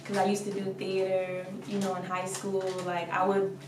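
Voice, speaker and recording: A woman's voice: mid-range voice, completely flat delivery, moderate pace, distant mic. Blunt, laughing young woman. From Washington DC area. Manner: blunt, laughs often, says "like" a lot. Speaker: rapper guest. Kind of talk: casual interview. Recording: echoey room, speaker off mic, faint noise.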